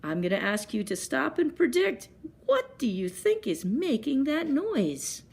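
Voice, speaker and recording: A woman librarian reading picture books aloud at story time, gently pausing to ask children questions. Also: high voice, big pitch swings, creaky.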